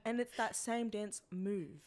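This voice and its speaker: A woman's voice: mid-range voice, measured pace, darkish tone. A young woman co-hosting a casual podcast, giggly and teasing as she chats. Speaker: podcast co-host. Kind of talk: casual chat.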